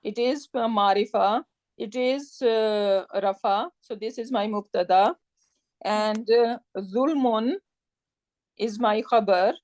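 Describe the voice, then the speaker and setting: A woman teaching a live grammar class, explaining step by step and often checking with "right?", in a warm, encouraging tone. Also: fairly high pitch, slow pace, dry recording. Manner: warm encouraging tone with religious phrases.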